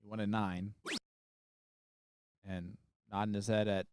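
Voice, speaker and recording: A man's voice: lowish voice, flat delivery, measured pace, background noise. A man from the American Midwest co-commentating a darts final, teasing his partner with dry remarks. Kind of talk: live sports commentary with banter.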